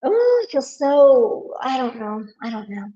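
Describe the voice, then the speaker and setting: A woman's voice: sits high, sing-song, measured pace, mellow, highs cut off. Frustrated woman on a live stream. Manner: talks to viewers while searching her computer, easily frustrated. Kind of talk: casual live-stream commentary.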